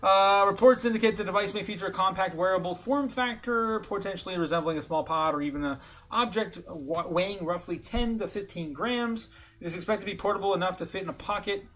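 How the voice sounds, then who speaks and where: A man hosting a casual livestream, talking excitably with lots of fillers and chuckles. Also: high voice, brisk, slight background noise. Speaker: livestream host.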